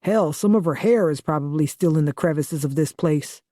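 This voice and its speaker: A woman's voice: deep voice, moderate pace, warm tone, no echo, lightly acted. A woman voicing a blunt, profane young man who is about to become a father, read for an audiobook. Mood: prodding. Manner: profane, teasing, matter-of-fact. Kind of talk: audiobook dialogue reading.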